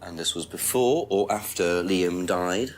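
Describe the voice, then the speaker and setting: A man's voice: low-pitched, measured pace, faint music behind. An actor playing a persistent male police inspector who questions a suspect with pointed questions in a video game. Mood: probing. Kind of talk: full-motion video game acting.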